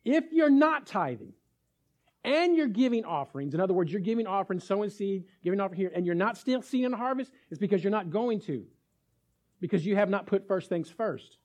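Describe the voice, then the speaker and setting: A man's voice: high voice, animated, brisk, darkish tone. A male pastor preaching a sermon with energy. He acts out little scenes and keeps checking in with the congregation.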